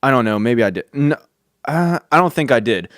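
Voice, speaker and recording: A man hosting a podcast tells a story casually in a mid-range, animated voice at a brisk pace. He chuckles, swears freely, and leans on fillers, and the studio-quality recording has no room sound.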